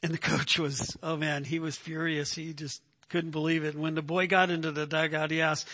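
Male pastor, bright, tenor-ish preaching voice, emphatic and conversational. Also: fairly high pitch, flat delivery, brisk, slight background noise. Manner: emphatic, repeats "right?" to the congregation. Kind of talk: sermon.

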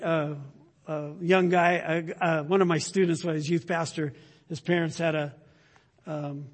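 Man, pastor, high-pitched husky voice, sermon, loud emphasis dropping to hushed asides. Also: long reverb tail.

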